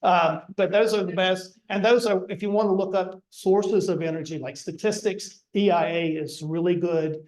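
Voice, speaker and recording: An older man giving a relaxed slide lecture to a club audience, with dry asides. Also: high voice, moderate pace, few pauses, echoey room. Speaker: guest lecturer.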